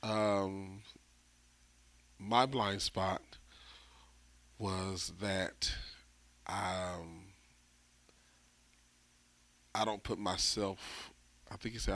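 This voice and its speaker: A man leads a church group, joking loosely between fillers. His voice sits a little low and he takes his time. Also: steady tone, extremely slow, long pauses, fairly bright tone.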